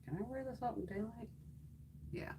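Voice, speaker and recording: A woman's voice: a little high, moderate pace, a little hiss or hum. A woman in her fifties chatting casually on a makeup livestream, telling stories bluntly and swearing freely. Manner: blunt, profane, animated storyteller. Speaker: beauty YouTuber. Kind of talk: casual livestream chat while swatching makeup.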